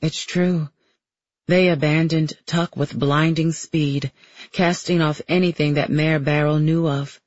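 A man giving a steady, measured first-person audiobook narration. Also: on the high side, dry recording, dull audio.

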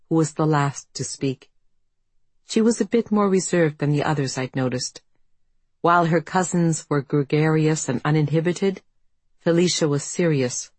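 Low-voiced woman narrating her memoir. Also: a little mellow, breathy edge, dry recording. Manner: measured, reflective storytelling. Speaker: author and narrator. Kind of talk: audiobook narration.

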